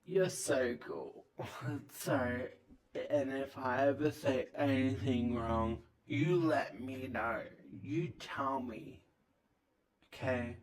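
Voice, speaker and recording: A woman's voice: rumbling low, takes it slowly, a little mellow. A woman putting on the voice of an overly affectionate drunk person who repeats herself sentimentally. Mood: drunk gushing. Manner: slurring, sentimental, repetitive.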